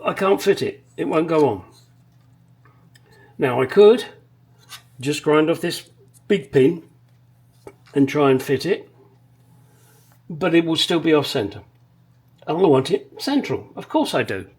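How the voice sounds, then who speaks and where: A man's voice: fairly high pitch, lively intonation, measured pace, long pauses, darkish tone, breathy edge. A man talking candidly in a casual workshop vlog, bluntly explaining car bodywork with frequent swearing and hesitant fillers. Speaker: car restoration vlogger.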